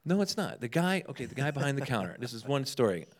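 A man in easy conversation, spinning humorous anecdotes and playing out the other people's lines as he goes. His voice sits at an ordinary middle pitch, and he laughs along with his own stories. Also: fast talker. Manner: humorous, animated storyteller who acts out dialogue. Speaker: guest telling ministry stories. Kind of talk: casual storytelling chat.

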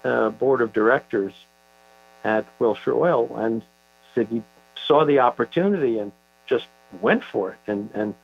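An older man, an author being interviewed, telling a story in a thoughtful, halting way with many fillers. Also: medium pitch, vocal fry. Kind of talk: conversational interview. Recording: dull lo-fi audio with mains hum.

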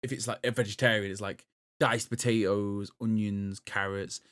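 A man's voice: lowish voice, fairly even intonation, normal speed, fairly bright tone. Rambling man, casual chat. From Europe. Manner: rambling, full of "like" and "um". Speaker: podcast co-host.

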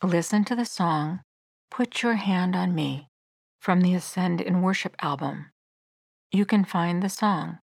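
Gentle low-voiced woman reading devotionally. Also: no room sound, studio quality. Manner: gentle, measured, earnest reading. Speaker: author narrating her devotional book. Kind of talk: scripted devotional narration.

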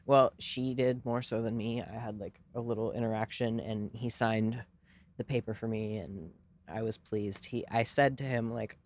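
A man's voice: lowish voice, fairly even intonation, moderate pace. A young man co-hosting a podcast, telling a long story in casual chat, rambling and swearing freely with lots of fillers. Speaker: podcast co-host.

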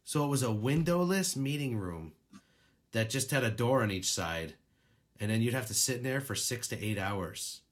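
A man's voice: mid-range voice, expressive, moderate pace. A man co-hosting a podcast in casual chat, rambling through stories, laughing and swearing as he goes. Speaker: podcast co-host.

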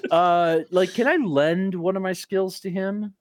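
A man playing a tabletop game, talking casually and excitably, with lots of fillers and swearing. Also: high voice, a little slow, no room sound, clean studio sound. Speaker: player.

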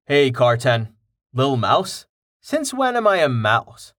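A man's voice: medium pitch, sing-song, slow pace, a bit bright. A man voicing a sarcastic young adventurer in an audiobook, with a raised, quipping delivery. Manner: dry, sarcastic quips. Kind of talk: audiobook character voice.

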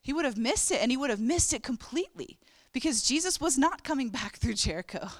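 A woman's voice: high voice, expressive, fairly quick, dry recording. A woman preaching a sermon, telling the story with animation and acting out the characters' voices.

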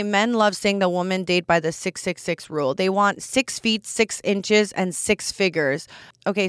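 A woman's voice: mid-range voice, fairly bright tone, clean tone, dry recording, clean studio sound. A woman in her twenties hosting a casual solo podcast, talking candidly and bluntly with lots of "like" fillers. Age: 20s. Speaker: podcast host.

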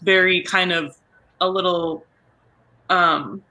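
A woman's voice: fairly low pitch, fairly even intonation, slow pace, pushed and bright. A woman talking about playing a role in a casual panel chat, hunting for words with many fillers and restarts. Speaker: voice actor guest.

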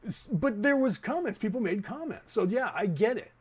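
A man's voice: high-pitched, animated, moderate pace, darkish tone, breathy edge. A man in his fifties from the San Francisco Bay Area, hosting a casual opinion monologue that rambles and speaks straight to listeners. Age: 50s. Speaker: podcast host.

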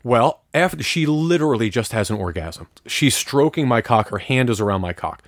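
A man co-hosting a podcast, telling a story in casual chat with lots of swearing and excitement. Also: medium pitch, moderate pace, dry recording, clean studio sound.

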